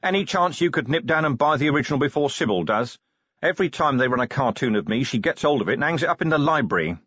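A man voicing a gruff, weary middle-aged police commander who talks bluntly and grumpily in an audiobook. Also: mid-range voice, lively intonation, fast, fairly bright tone, dry recording, lo-fi sound, voice pushed up. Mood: grumpy.

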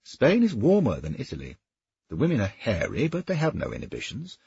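Man playing a crude old knight, husky, swings high and loud, dull recording. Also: wildly swooping pitch, brisk, dry recording, exaggerated voice. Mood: boastful. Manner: bellowing, crude and scornful. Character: coarse boastful veteran knight, gruff and lusty.

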